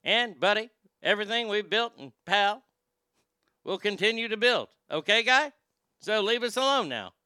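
A man's voice: high voice, animated, moderate pace, pushed and bright, clear, resonant tone, dry recording, voice pushed up, exaggerated voice. A man doing an impression of a Canadian prime minister, chummy and full of "buddy" and "guy". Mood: mock-earnest.

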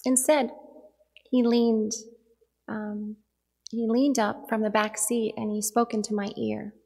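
Husky, gravelly woman giving a dharma talk. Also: a little high, little pitch movement, slow, a little mellow. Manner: earnest, reflective storytelling.

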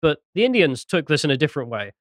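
A man's voice: on the high side, big pitch swings, fast talker, no echo, studio quality. A man hosting a casual podcast chat, laughing often and reading posts aloud. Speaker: podcast host.

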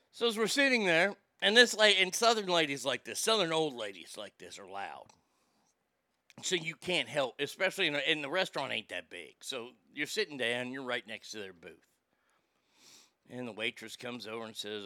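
A man's voice: fairly high pitch, expressive, normal speed, sharp tone, dry recording, clean studio sound. A man hosting a podcast, reading out listener messages and telling a story in a loose, profane, laughing way. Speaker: podcast host. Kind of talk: casual storytelling chat.

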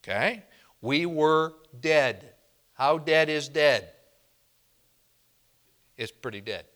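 Male pastor, slow deliberate sermon delivery, higher voice, call-and-response style. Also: animated, fairly bright tone. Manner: slow, emphatic preaching with call-and-response questions.

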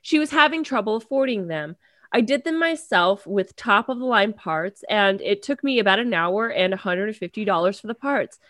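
Picture an earnest, modest middle-aged man laying out his situation in a plain, steady way, as a woman reads his letter aloud. The voice has a slight rural twang, kept at an ordinary pitch. The sound is dry and close. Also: moderate pace, no room sound, lightly acted.

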